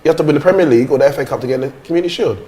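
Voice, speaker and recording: A man argues his side insistently in a heated panel debate. He talks at a breakneck pace. His voice sits fairly high. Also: rapid-fire, a loud crowd. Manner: insistent, argumentative.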